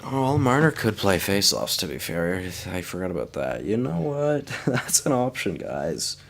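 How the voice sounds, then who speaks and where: Tired young guy chatting over his hockey game, deep low voice, yawny. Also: big pitch swings, moderate pace, gravelly. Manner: sleepy, yawning, chatty. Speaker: gaming YouTuber. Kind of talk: casual gameplay commentary.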